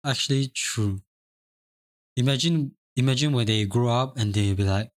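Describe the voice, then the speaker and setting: A man's voice: medium pitch, moderate pace, no room sound, studio quality. A young man from Singapore chatting casually on a live stream, reading chat aloud, rambling and repeating himself. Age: young adult. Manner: rambling, repeats phrases, chuckles often.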